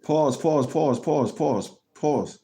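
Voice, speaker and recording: High-voiced man hosting a casual livestream. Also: slow, dark tone, reverberant. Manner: jokey, rambling, repeats himself; puts on a joking fake British accent. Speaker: livestream host. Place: living room at home.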